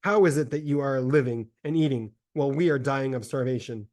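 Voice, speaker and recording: A man's voice: medium pitch, a little fast, darkish tone, lightly acted. A man reading as furious rebel leaders. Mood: angry. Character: angry starving rebel leaders, men. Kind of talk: dramatic reading of a religious text.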